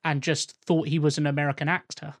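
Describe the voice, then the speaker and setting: A man chatting casually on a podcast in a relaxed, easygoing way. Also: on the high side, fast, no echo. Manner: laid-back, laughs often, many fillers. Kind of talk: casual chat.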